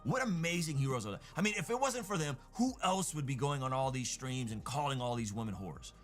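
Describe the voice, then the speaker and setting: A man's voice: mid-range voice, lively intonation, brisk, soft background music. A man giving sarcastic, mock-praising online video commentary.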